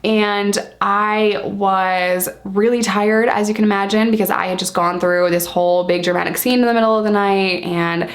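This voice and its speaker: A woman vlogger telling a personal story to the camera in a casual, blunt way, swearing freely and often calling the viewers "you guys.". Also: mid-range voice. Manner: lively, speeds up and slows down for emphasis.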